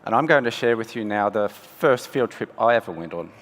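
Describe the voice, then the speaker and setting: A male scientist, telling a first-person story in a relaxed, conversational way during a conference talk. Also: fairly low pitch, brisk. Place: conference hall. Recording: long hall reverb.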